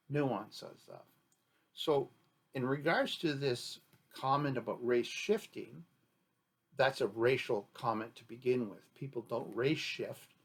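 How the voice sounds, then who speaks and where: A man with a gravelly, husky voice gives an unscripted talk as a chief. He rambles and argues his point, throwing out rhetorical questions. His voice sits at an ordinary middle pitch. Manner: rambling, argumentative, poses rhetorical questions, acts out imagined dialogues. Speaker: grand chief giving a talk. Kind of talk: unscripted spoken commentary.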